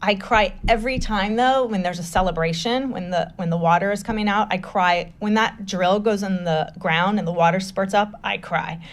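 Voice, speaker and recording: A woman, a nonprofit founder being interviewed, tells stories in a lively way and acts out the voices of people she quotes. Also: mid-range voice, normal speed, few pauses. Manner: animated, acts out quoted voices, laughs often. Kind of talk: casual interview storytelling.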